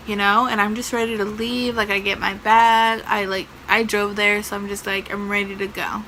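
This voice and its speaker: A young woman vlogger telling a personal story casually, her voice bright and clear. She is chatty and fills her speech with fillers as she recounts what happened. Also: mid-range voice, moderate pace, slight background noise, low-quality recording. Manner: chatty, lots of fillers, animated retelling.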